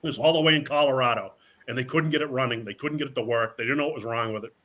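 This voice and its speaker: A man, a wrestler guest, telling stories in a casual chat, animated and swearing freely while acting out what people said. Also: medium pitch, racing. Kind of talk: casual storytelling.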